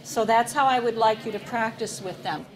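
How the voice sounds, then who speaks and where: High-voiced woman leading a class. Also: normal speed, a little hiss or hum. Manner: energetic, coaxing, leads drills. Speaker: ESL lead teacher. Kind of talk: classroom teaching.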